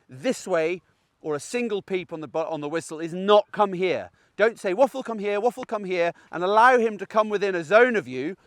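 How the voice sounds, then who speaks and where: With a voice that sits high, a middle-aged dog trainer chats his way through an outdoor tutorial on recall training while on a dog walk in a field. He's conversational and explanatory, checking in with "okay?", and the audio is clean studio sound with no room sound.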